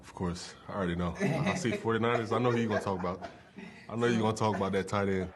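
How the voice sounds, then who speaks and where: A football player speaking confidently and offhandedly in a casual interview. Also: male voice, on the low side, fast talker. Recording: crowd noise behind.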